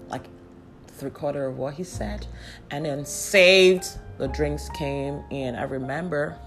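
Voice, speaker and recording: A young woman telling a story in a sassy, chatty way and laughing often. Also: a bass voice. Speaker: vlogger. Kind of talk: casual storytelling. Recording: faint music underneath.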